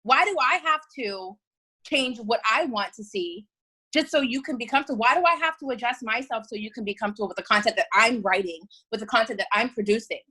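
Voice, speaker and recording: A woman guest on a podcast roundtable, talking over a video call. Her delivery is blunt and animated, and it rushes forward when she gets fired up. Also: on the high side. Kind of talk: casual roundtable chat.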